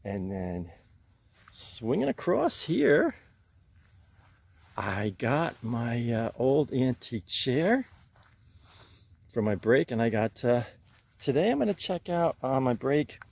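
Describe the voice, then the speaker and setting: A man's voice: medium pitch, big pitch swings, slow, vocal fry, long pauses. A middle-aged man hosting his own casual outdoor vlog, rambling and frustrated, apologizing between rants. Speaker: channel host. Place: outdoors by his garden hedges.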